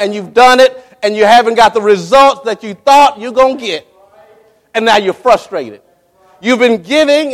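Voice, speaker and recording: A man preaching a sermon with fervor, pausing for effect, repeating himself for emphasis and calling on his congregation to follow along. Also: high-pitched. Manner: dramatic pauses and emphatic repetition. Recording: long reverb in a large hall.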